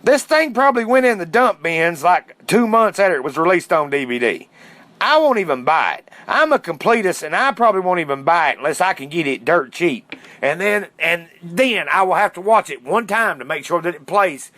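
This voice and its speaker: Male podcast host, fairly high voice, indignant ranter, dry close sound. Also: animated, normal speed, a bit bright, no echo. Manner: indignant, fired-up ranting with cursing. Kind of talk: casual ranting monologue.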